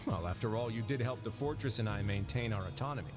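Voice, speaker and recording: A calm video game duke, as a man voices him speaks in a lowish, measured voice. His manner is courteous, and game music plays behind him. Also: lightly acted. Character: composed male duke running a fortress.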